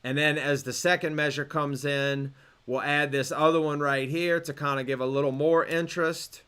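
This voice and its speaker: A young man explaining beat programming in a relaxed tutorial, with fillers and restarts. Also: a little high, normal speed. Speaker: music production instructor. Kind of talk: screen-recorded tutorial.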